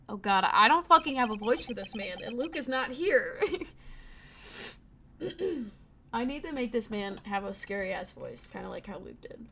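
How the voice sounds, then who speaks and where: A woman's voice: medium pitch, lively intonation, normal speed, sharp tone, a little hiss or hum. A young woman streamer giving casual, blunt gaming commentary, swearing freely and laughing at herself.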